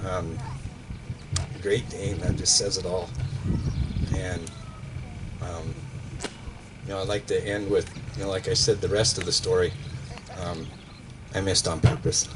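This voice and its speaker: Man telling a lively hunting story. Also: low-pitched, unhurried, long pauses, very noisy. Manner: animated storyteller with sound effects. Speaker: eulogy speaker, former coach. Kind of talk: personal story told at a memorial service.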